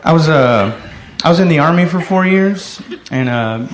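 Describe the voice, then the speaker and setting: Male stand-up comic, rowdy storyteller, high-pitched, room echo. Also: animated, normal speed. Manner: rowdy storytelling with loud shouted voices. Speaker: stand-up comedian. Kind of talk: stand-up comedy set.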